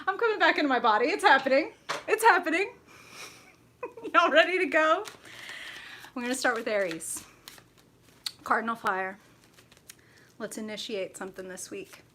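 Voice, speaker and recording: A woman's voice: unhurried, pauses often, slight background noise. A woman hosting a live tarot stream, chatting with viewers and laughing often. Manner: laughs often, greets viewers with high excited shouts. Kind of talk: bubbly live-stream chat.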